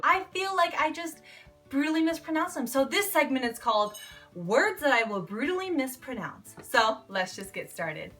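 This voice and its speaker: A woman's voice: on the high side, pushed and bright. A woman in her twenties, talking casually and with bubbly enthusiasm in a book review vlog. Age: 20s.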